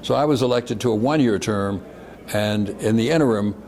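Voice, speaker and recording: Gravelly older man telling stories. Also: fairly low pitch, normal speed, a little hiss or hum. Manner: warm storyteller, often repeats words for emphasis. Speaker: guest speaker. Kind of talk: reminiscing talk with slides.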